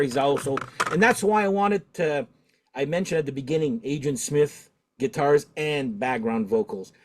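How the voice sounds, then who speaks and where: A middle-aged man hosting a casual talk show, talkative and animated, laughing often. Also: mid-range voice. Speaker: podcast host. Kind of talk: casual chat.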